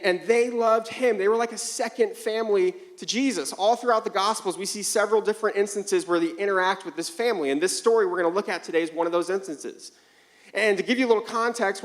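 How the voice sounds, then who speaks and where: A young man preaching a sermon as a pastor, telling a story with lively back-and-forth dialogue and acting out both voices. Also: high-pitched. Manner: animated storytelling, acts out both sides of conversations.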